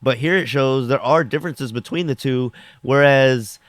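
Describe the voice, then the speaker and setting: A man's voice: mid-range voice, normal speed, no echo. A young man casually reviewing a TV episode, rambling with lots of fillers and acting out characters' lines as he recaps. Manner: rambling, filler-heavy with frequent "like".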